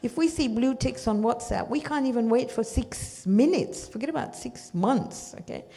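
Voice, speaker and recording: A woman's voice: fairly high pitch, lively intonation, moderate pace, vocal fry, mellow. A woman teaching a religious study class, explaining verses through storytelling and often checking in with her listeners.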